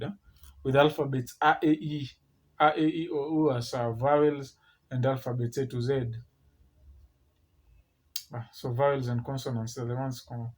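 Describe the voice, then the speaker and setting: A man giving a screen-share tutorial on academic writing, explaining step by step with many restarts and tag questions like "eh?" and "okay?". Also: medium pitch.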